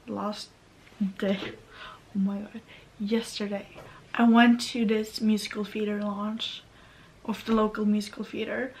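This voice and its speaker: A woman's voice: mid-range voice, little pitch movement, a little slow, pauses often, darkish tone. Rambling Norwegian woman vlogging. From Norway. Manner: rambling, self-correcting, nervous. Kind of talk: casual vlog monologue. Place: at home near her computer.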